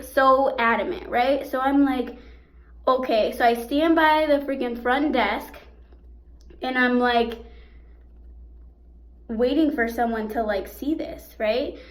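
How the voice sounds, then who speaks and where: A young woman telling a storytime vlog in a casual, animated way, full of fillers and swearing. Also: high-pitched. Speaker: vlogger. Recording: echoey room.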